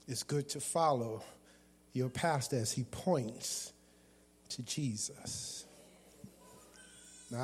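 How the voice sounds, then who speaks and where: A man preaching a sermon as a guest preacher, calling out to the congregation and shouting at times. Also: medium pitch. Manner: call-and-response preaching with bursts of shouting. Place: church sanctuary. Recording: long hall reverb.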